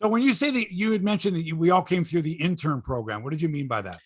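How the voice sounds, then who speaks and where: A man's voice: a little high, animated, fast talker, dry recording. Rambling, joking middle-aged male podcast host. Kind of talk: casual sports podcast chat.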